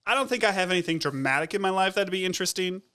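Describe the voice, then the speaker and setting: A man's voice: high-pitched, lively intonation, racing, bright, forceful tone. Young guy cohosting a chill podcast, rambles and jokes, keeps restarting his sentences. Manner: rambling, jokey, trails off and restarts. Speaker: podcast co-host. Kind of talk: casual chat.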